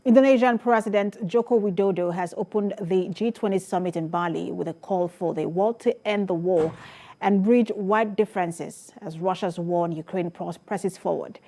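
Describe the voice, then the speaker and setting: A woman news anchor reading scripted bulletins in a crisp, formal way. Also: on the low side, moderate pace, dark tone. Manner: crisp, formal newsreader delivery.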